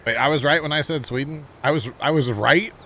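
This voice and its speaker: His voice runs on the high side with a sharp tone, and he talks a little fast against slight background noise. He's a St. Louis-accented Missourian who livestreams a game, chatting casually, rambling, and laughing easily with viewers.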